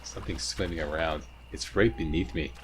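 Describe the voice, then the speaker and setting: A man's voice: a bass voice, fairly quick. A man hosting a video game walkthrough, chatty and joking as he explains each step. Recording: faint ambient noise, sirens nearby.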